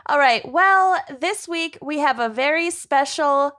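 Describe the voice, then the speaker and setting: A woman's voice: high voice, lively intonation, measured pace, a bit bright. A woman co-hosting a podcast in casual, upbeat chat, laughing often. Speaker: podcast co-host.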